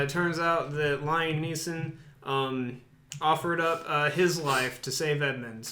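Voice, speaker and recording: A man co-hosting a casual podcast, retelling a film plot in a halting, rambling way with lots of fillers. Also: medium pitch, fairly bright tone, a little hiss or hum. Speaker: podcast co-host. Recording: echoey room.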